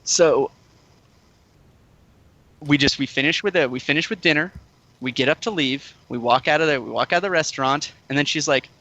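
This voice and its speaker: Bright-voiced man telling a rambling story. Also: a little high, normal speed, long pauses, poor audio. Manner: rambling, lots of fillers and "like". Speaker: podcast regular. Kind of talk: casual storytelling chat.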